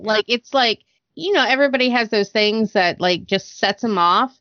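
A woman's voice: a little high, moderate pace, no echo. A woman in her thirties, a mother and podcast co-host, chatting casually and bluntly with a lot of swearing. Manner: blunt and profane, quotes herself in animated voices. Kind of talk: casual chat. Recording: dull dry sound.

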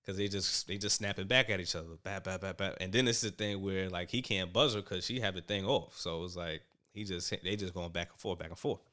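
A man casually recapping events, animated and quoting people as he goes. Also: sits low, brisk, few pauses. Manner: animated storyteller, quotes people in raised voices. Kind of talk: casual chat recapping a reality show.

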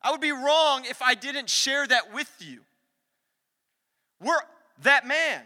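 A young man preaching a lively sermon in a church, acting out the voices he quotes. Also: very high voice, takes it slowly. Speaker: pastor. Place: church sanctuary. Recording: long hall reverb.

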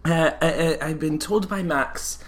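A man's voice: on the high side, a little slow, voice pushed up, natural voice. Man putting on a fussy old Scottish nanny. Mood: chatty. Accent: put-on Scottish. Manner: genteel, fussy, calls everyone dear. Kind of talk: comedic character skit.

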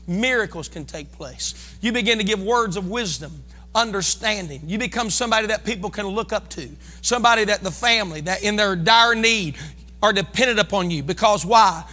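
A man preaching a fervent sermon, calling on his congregation to respond and breaking into shouts. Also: high-pitched, fairly quick, big-room sound. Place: church sanctuary.

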